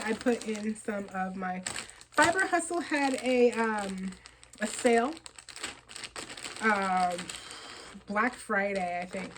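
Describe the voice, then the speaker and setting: A woman hosting a knitting podcast, chatting casually about her yarn purchases in an excitable, rambling way with frequent laughs. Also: medium pitch, noisy background.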